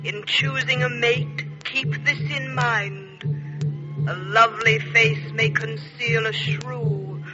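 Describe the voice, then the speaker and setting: A man voicing a mysterious voice in the wind in an old radio play, chanting slowly. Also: extremely high pitch, steady tone, lo-fi sound, pitched above the performer's own voice. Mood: eerie. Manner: slow, chanting. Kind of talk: 1940s radio acting. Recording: distant, echoing old radio recording, music behind.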